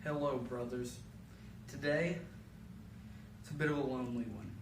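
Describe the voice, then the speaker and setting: A man's voice: medium pitch, normal speed, noisy background. Goofy young man hosting a solo podcast. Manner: goofy, self-mocking and rambling. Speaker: podcast host. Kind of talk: casual solo podcast chat. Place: home basement. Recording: echoey room, mic a bit far.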